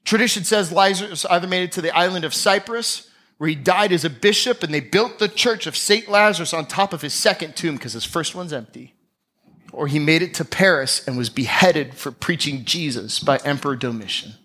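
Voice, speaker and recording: A man's voice: fairly high pitch, fairly quick, bright, forceful tone. A man preaching a sermon, telling a Bible story with drama and acting out the scenes. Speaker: pastor.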